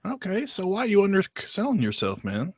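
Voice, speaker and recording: A man's voice: sits high, wildly swooping pitch, a little fast, darkish tone, breathy edge, dry recording, studio quality. A man co-hosting a podcast in casual chat, blunt and teasing, swearing freely. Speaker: podcast co-host.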